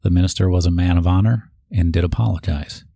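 A man's voice: low voice, quick pace, gravelly, mellow, no room sound, studio quality. A man reading written tributes aloud, sometimes stopping to add his own asides. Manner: reads aloud, with asides and restarts. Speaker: eulogy reader.

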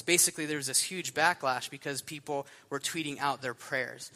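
A young man preaching a sermon, telling stories in a casual, animated way with lots of fillers. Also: medium pitch, normal speed. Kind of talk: sermon storytelling.

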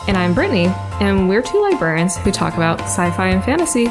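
A woman's voice: mid-range voice, sing-song, fast talker, over music. A woman co-hosting a librarian podcast, chatting casually and laughing often.

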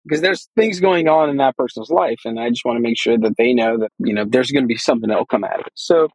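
A man's voice: medium pitch, fast talker, slightly rough, no echo, rough recording. A man being interviewed, talking through his experience in a loose, rambling way and acting out what people said. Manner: rambling, animated, acts out quoted dialogue. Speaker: guest, real estate investor. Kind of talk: casual storytelling interview.

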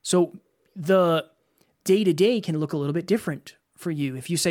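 A man's voice: sits high, lively intonation, brisk, darkish tone. Reflective male podcast co-host. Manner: reflective, asks himself questions and answers them. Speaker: podcast co-host and business coach. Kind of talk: casual podcast talk.

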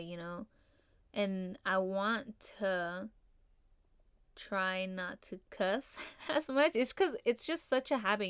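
A young woman chats through her solo podcast in a relaxed, upbeat way, leaning on "like" and "you know" as she goes. Her voice comes across smooth and clear. The recording is close and dry. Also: medium pitch, dry recording. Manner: laid-back, upbeat, heavy on fillers like "you know" and "like". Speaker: podcast host. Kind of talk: casual solo podcast talk.

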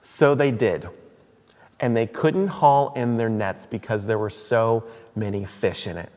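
A man's voice: lowish voice, a little slow, a little mellow. A man preaching a sermon in a church hall, conversational, with asides and restarts. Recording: long hall reverb.

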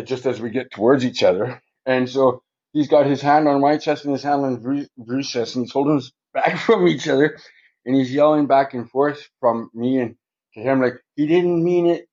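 A man's voice: mid-range voice, muffled recording. A man telling stories as a podcast guest in a casual, rambling way, swearing constantly and ending sentences with "right?". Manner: rambling, heavy swearing, frequent "right?" tags. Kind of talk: casual storytelling interview.

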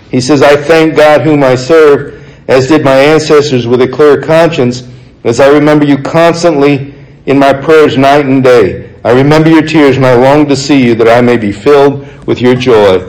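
A man's voice: medium pitch, darkish tone, rough recording. Earnest man preaching a sermon. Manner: earnest, conversational, slows for emphasis. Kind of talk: sermon reading and explaining scripture.

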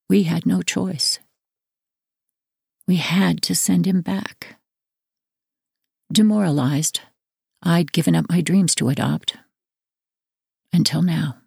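A woman narrating a first-person memoir audiobook in a measured, earnest reading. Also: fairly low pitch, gravelly, a little mellow, slightly rough, dry recording, clean studio sound.

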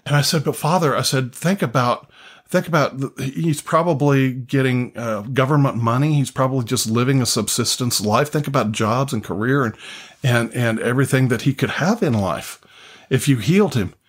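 An older man delivers a sermon as a story told in earnest. His voice sits at a middle pitch, and he often stops and restarts or repeats a phrase as he goes. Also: moderate pace. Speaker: pastor.

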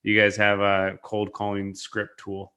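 Guy hosting a podcast, upbeat and casual, low but bright voice. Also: completely flat delivery, unhurried, clean tone. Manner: upbeat, casual, many fillers. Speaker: podcast host. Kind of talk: podcast interview.

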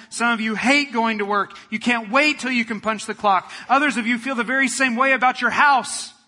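Man, pastor, sermon, high voice, very bright tone. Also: big-room sound. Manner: preaching with rising fervor, then quiet prayer.

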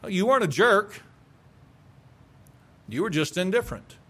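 Middle-aged male pastor, high-pitched, emphatic sermon delivery that acts out quoted replies. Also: big pitch swings, unhurried, bright, forceful tone, breathy edge.

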